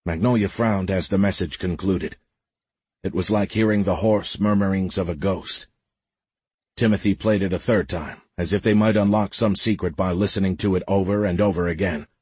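Man reading a story aloud, measured and even, husky and dry. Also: sits low, no echo. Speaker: audiobook narrator. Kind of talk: scripted narration.

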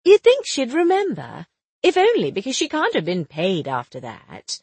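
A woman reading the lines of a quick-witted young woman amateur sleuth, chatty and teasing, with a breathy voice. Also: a little high, huge pitch swings, no room sound, heavily acted. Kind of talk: audiobook dialogue reading.

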